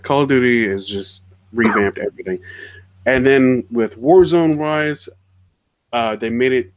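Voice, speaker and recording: A man's voice: medium pitch, no room sound. A man co-hosting a casual podcast, telling anecdotes in a chatty way. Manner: chatty storyteller, laughs while telling anecdotes. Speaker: podcast co-host. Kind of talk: casual chat.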